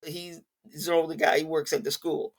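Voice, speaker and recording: A middle-aged woman, a boxing coach, talks with a lowish voice in a casual interview. She tells her stories in a stern, animated way, often restarting her sentences. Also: fairly quick, gravelly.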